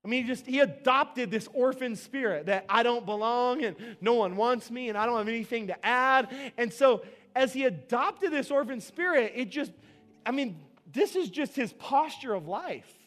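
A man's voice: extremely high pitch, animated, normal speed, fairly bright tone, faint music behind. A man pastor preaching a sermon to his church, telling a personal story in an emphatic, conversational way.

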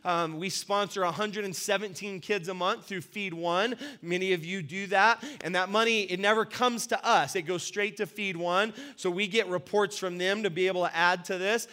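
A man's voice: sits high, steady tone, normal speed, hardly any pauses, pushed and bright. A man speaking as senior pastor, leading a church business meeting in an upbeat, conversational, celebratory manner.

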